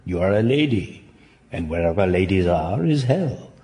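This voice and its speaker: A man playing a deep, weary damned nobleman. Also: expressive, moderate pace, mellow. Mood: sardonic. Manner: languid, sardonic, elegant stage delivery. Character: weary, ironic damned nobleman, male adult. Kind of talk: classic stage play acting.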